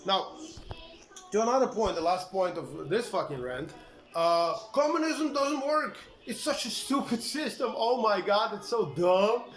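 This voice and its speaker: Heated, profane man ranting, high voice. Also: animated, normal speed. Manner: profane, heated, trailing restarts and fillers. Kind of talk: casual rant to camera. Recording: echoey room with faint background noise.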